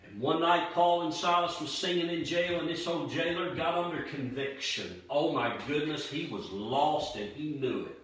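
A man preaching an evangelistic sermon, with emphatic, dramatic pauses. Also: fairly high pitch, fairly bright tone. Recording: very echoey room, voice far from mic.

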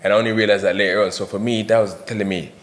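A man's voice: lowish voice, level tone. A man telling prison stories in a casual podcast chat, acting out other people's lines as he goes. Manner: fast storytelling, acts out quoted voices, laughs while telling. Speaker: podcast guest.

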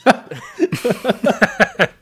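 A man co-hosting a podcast in easygoing chat. His pitch swings around a lot as he talks, and his voice is bright and forward. He slips into little voices when quoting people. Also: extremely slow, husky. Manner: animated, acts out quotes in voices. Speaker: podcast co-host. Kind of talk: casual chat.

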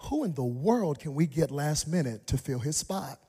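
A man in his thirties preaching a sermon, telling a personal story in an animated way and jumping into high, excited voices when he acts out the people in it. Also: moderate pace, slightly rough. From Dallas, Texas. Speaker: pastor. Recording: long hall reverb.

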